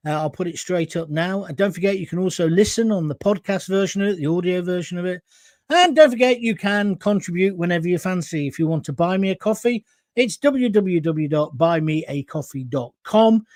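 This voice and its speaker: Blunt, high-voiced man ranting. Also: a little mellow, no echo. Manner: blunt, combative, addresses viewers directly. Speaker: livestream host. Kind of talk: ranting political livestream.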